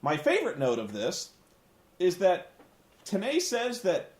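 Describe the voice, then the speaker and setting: A man giving a sarcastic, animated comedic recap of a wrestling show, swearing freely as he rants. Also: high-pitched, a little slow, echoey room.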